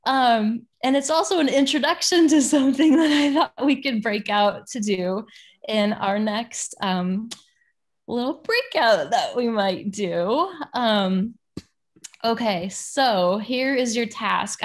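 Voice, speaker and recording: Chatty woman leading a video-call workshop. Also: medium pitch. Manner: chatty, warm storytelling with many fillers. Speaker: children's ministry leader leading a workshop. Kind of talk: casual workshop facilitation. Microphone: computer mic on a video call.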